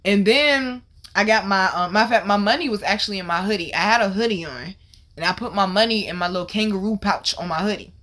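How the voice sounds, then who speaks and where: Bright-voiced woman telling a story. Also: medium pitch, fast talker. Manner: animated, profane, slangy retelling. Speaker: vlog host. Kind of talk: casual storytelling.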